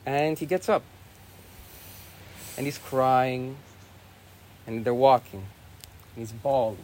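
A young man tells a story the easy way, dropping plenty of "you know" and "like" as he goes. His voice sits at an ordinary middle pitch, and a faint hiss of room ambience hangs behind it. He sounds like a monk talking to visitors indoors. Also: slow pace, a little mellow. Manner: easygoing, many fillers like "you know" and "like". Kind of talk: casual spoken storytelling.

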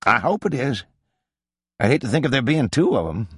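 A male narrator voicing a nervous rural man hiding in a cornfield at night, talking in a hushed, hurried drawl. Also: medium pitch, sing-song, husky, dry recording, clean studio sound, voice pushed up, exaggerated voice. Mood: uneasy.

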